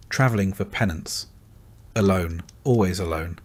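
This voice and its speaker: A man narrating a scripted bedtime history story in a calm, unhurried way. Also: lowish voice.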